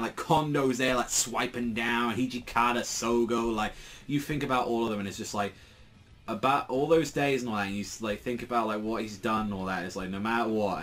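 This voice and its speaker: A man's voice: on the low side, a bit bright. A young man casually reacting to a comic, rambling, with constant "like"s and frequent swearing. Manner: rambling, heavy use of "like", swearing. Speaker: manga reviewer.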